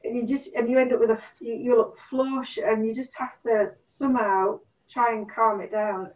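A middle-aged woman telling stories in a casual chat, animated, acting out what people said. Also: fairly high pitch, normal speed. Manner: animated storyteller, acts out quotes. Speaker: guest. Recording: distant, roomy, dull sound.

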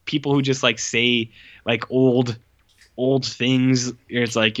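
A man's voice: mid-range voice, moderate pace, pushed and bright. A man chatting casually on a podcast, rambling with constant "like"s and blunt, cursing opinions. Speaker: podcast co-host reviewing a movie. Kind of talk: casual chat. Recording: dull lo-fi sound.

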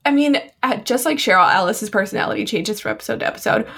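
A woman's voice: mid-range voice, gravelly, a bit bright, husky. A young woman co-hosting a podcast, reacting and giving her opinions in casual chat about a TV episode. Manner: agreeable, chimes in with quick reactions and opinions. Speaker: podcast co-host.

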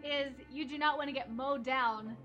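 A woman's voice: high-pitched, steady tone, normal speed, fairly bright tone, muffled recording, soft background music. A woman hosting a casual chat, upbeat and steering the conversation. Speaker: podcast host. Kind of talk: casual chat with guided narration.

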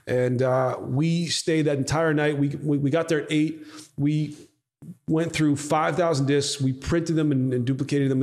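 A man telling a story in a casual podcast interview, swearing freely and acting out what people said. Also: on the high side. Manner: animated storyteller, swears freely, acts out quotes. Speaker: podcast guest, company founder.

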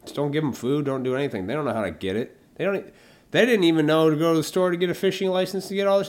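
Talking very fast in a slightly high voice, a man rants alone on his podcast. He curses constantly and mocks his imagined opponents by performing their parts.

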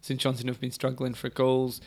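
A man's voice: medium pitch, completely flat delivery, moderate pace. A Scottish man co-hosting a casual football podcast, chatty and self-deprecating, laughing often. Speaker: podcast co-host.

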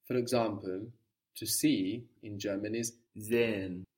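A man's voice: on the low side, steady tone, measured pace, a little mellow, recorded from a distance. A man teaching an audio language lesson, patiently prompting a student and repeating the answers.

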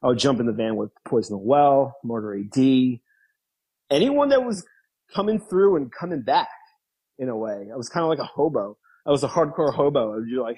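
A man in his thirties, a guest in an interview, telling stories casually, laughing often and acting out quotes in a higher voice. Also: expressive, a little fast, a little mellow, breathy edge, poor audio. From New York. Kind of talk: casual storytelling.

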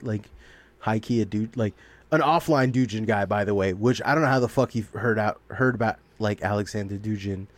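Profane, rambling man in casual chat. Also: lowish voice. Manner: rambling, profane, laughs often. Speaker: podcast co-host.

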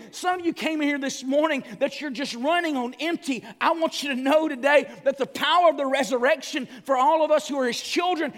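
A man preaching an Easter sermon, impassioned, swinging from near-shouts to hushed, quiet lines. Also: very high voice, long reverb tail. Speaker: pastor.

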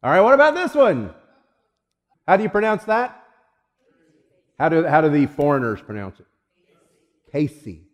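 Preaching with audience interaction, a middle-aged storyteller acts out the people in his folksy anecdotes and quizzes his listeners. His voice runs on the high side with huge pitch swings, a moderate pace, and long pauses, all within a long hall reverb.

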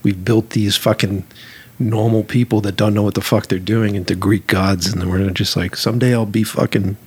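Male film director, husky voice, casual anecdotes, profane and animated. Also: lowish voice, normal speed. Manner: animated, profane, acts out dialogue. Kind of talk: casual storytelling conversation.

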